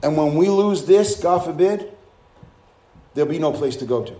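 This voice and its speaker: Fervent high-voiced male preacher. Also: animated, moderate pace, mellow. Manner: fervent, punctuated with hallelujahs; rhetorical questions to the congregation. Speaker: pastor. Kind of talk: sermon. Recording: roomy, echoing room.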